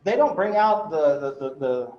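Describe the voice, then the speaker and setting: Speaking at a moderate pace in a slightly high, very animated voice, a man gives an anecdote-filled law lecture in a classroom. He's chatty, leans on fillers, swears mildly and checks in with "right?" often; the lecture-room recording is echoey and dull.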